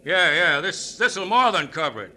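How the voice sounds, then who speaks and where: A man's voice: fairly high pitch, big pitch swings, bright, forceful tone, heavily acted. An actor playing a shifty carnival shell-game man with barker patter, in 1940s radio acting. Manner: fast-talking barker patter, hesitant when caught off guard.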